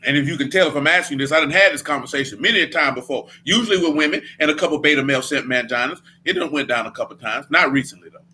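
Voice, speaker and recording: A man's voice: fairly high pitch, rapid-fire, hardly any pauses, sharp tone, slight background noise. A man leading a Bible study in a casual preaching style, blunt and emphatic, with a lot of slang.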